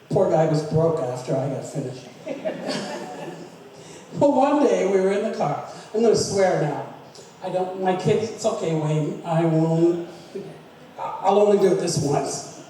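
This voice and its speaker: A middle-aged woman tells a funny family story at a memorial gathering, chuckling between her lines. Her voice is mellow and warm. It is picked up from a distance and rings around a big echoey hall over a faint room hum. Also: on the low side, animated, slow pace, long pauses. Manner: chatty storyteller who laughs through her lines. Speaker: family member giving a tribute speech. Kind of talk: humorous anecdote at a memorial celebration. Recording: echoey hall recorded from far off.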